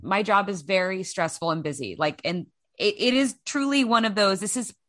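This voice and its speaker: A woman's voice: mid-range voice, expressive, moderate pace, a bit bright, no echo, studio quality. A woman co-hosting a casual chat, self-deprecating and rambling with restarts. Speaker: podcast co-host.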